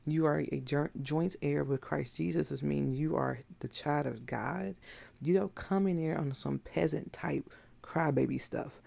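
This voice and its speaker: Woman preacher, casual sermon, very gravelly, dark tone, blunt and emphatic. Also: low-pitched, measured pace. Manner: emphatic, blunt, conversational preaching with rhetorical questions. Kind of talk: informal sermon.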